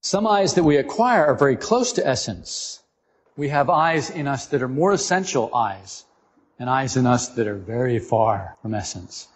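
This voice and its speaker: A man giving an informal spiritual talk to a group, animated and joking, often asking his listeners questions. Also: medium pitch, moderate pace, a little hiss or hum. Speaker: esoteric teacher. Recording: dull lo-fi recording in a reverberant room.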